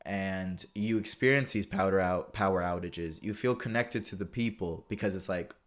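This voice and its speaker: An American man with a somewhat low voice hosts his own podcast, speaking alone into the mic. He talks loosely and reflectively, circling back and restarting his sentences as he thinks aloud. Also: moderate pace. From USA. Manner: reflective, rambling with frequent restarts. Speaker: podcast host. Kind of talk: casual solo podcast talk.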